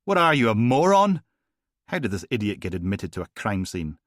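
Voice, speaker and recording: Narrator as a tired gruff cop, blunt and fed up, dry close audiobook sound. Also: male voice, lowish voice, big pitch swings, normal speed, fairly bright tone, no room sound, pitched above the performer's own voice. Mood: exasperated. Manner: exasperated, blunt. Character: weary gruff male detective, irritable. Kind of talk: audiobook reading.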